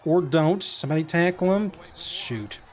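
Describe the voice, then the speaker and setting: A man talks through a football video game in a casual commentary. His voice sits a touch high, and he mutters play calls and quick reactions as though half talking to himself. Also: lively intonation, a little mellow, soft background music. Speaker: gaming commentator.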